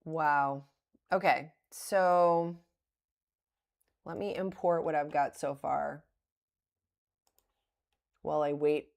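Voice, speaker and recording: A middle-aged woman with a low, gravelly voice talks through her trades live on stream. She thinks aloud as she goes, criticizes herself frankly and laughs things off now and then. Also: steady tone, slow, long pauses, a little mellow. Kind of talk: live-streamed trading commentary.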